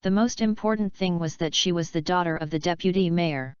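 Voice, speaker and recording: A woman narrating an audiobook in a steady, even reading voice, in a dull lo-fi recording. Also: fairly low pitch, fairly quick, clear, resonant tone, no echo. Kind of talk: scripted narration.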